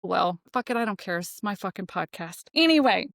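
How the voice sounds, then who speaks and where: A woman hosting her own podcast, talking casually and swearing a lot, fired up and ranting, then calming herself down. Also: mid-range voice, brisk, creaky, dry recording, clean studio sound. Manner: profane, animated, ranting then self-calming. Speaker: podcast host.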